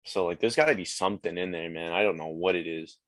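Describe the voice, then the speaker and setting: A laid-back teenage guy from Quebec talks in a casual interview. His voice sits low, and the close recording is very dry. He keeps leaning on "like" and "man" as fillers. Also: quick pace, dry recording. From Quebec, Canada. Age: teens. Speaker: guest rapper. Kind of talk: casual chat.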